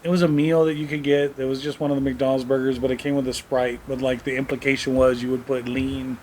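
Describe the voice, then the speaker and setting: A man's voice: mid-range voice, flat delivery, fast talker, a little mellow, a little hiss or hum. A middle-aged man co-hosting a podcast in casual chat, blunt, profane and joking. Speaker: podcast co-host.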